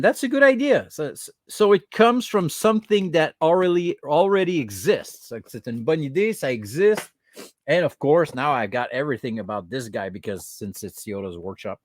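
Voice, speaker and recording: A man's voice: a little high, no echo. A man hosting a podcast, chatting casually about a toy collection, teasing the figures and giggling between remarks, now and then slipping into French. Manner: switches into French at times. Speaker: podcast host.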